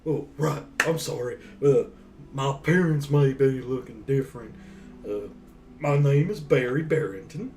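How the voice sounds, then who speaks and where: A man voicing a boisterous, hearty werebear polar bear who was once a dwarf, speaking loudly from a distant mic over faint music. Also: medium pitch, a little slow, voice pushed up, natural voice. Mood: chatty. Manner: hearty, gushing, loud.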